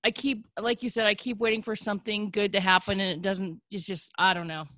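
A woman's voice: medium pitch, flat delivery, a little fast, a bit bright, no room sound. A woman hosting a history podcast, chatty and upbeat, talking on a close mic. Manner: chatty, upbeat, laughs often. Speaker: podcast host. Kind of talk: casual podcast chat.

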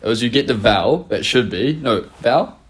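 A man's voice: mid-range voice, animated, fairly quick, breathy edge. A young man from New Zealand, his accent tinged with Australian, co-hosting a podcast in casual sweary banter, rambling with lots of restarts. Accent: New Zealand, slightly Australian. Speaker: podcast co-host. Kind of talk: casual chat.

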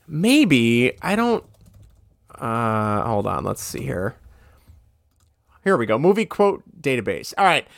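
A woman's voice: rumbling low, sing-song, slow, creaky, long pauses, no echo. Rambling woman chatting, dry close mic. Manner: rambling, quoting scenes, searching notes aloud. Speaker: podcast co-host. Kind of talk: casual chat about a movie.

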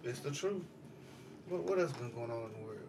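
A man with a mid-range voice chatting casually, relaxed and swearing. He sits a bit back from the mic, and faint noise fills the background. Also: mid-range voice, a little fast, distant mic. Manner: relaxed, swearing, short reactions. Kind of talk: casual chat.

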